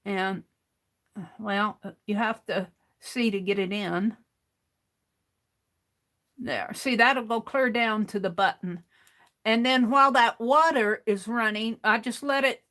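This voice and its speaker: Her voice is mid-range with a fairly bright tone. As host of a craft livestream, she gives a rambling account of how to clean a paint bottle, restarting sentences mid-thought while working with her hands.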